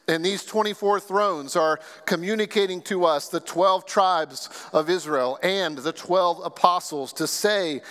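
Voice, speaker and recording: A man with a fairly high voice delivers an earnest sermon, stacking phrase upon phrase with deliberate emphasis. His words ring out with a long reverb, as if spoken in a large church sanctuary. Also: fairly bright tone. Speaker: pastor.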